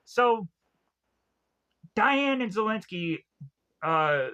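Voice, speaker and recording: A man's voice: extremely slow, clean tone. A man casually retelling a film's plot as a reviewer, rambling with lots of fillers and restarts. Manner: mock-acts characters' lines with lively pitch jumps. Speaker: movie reviewer.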